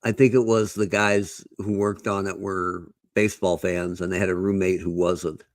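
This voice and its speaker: A man's voice: deep voice, flat delivery, moderate pace, no room sound. A man co-hosting a casual podcast who tells stories with animation and laughs often. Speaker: podcast co-host.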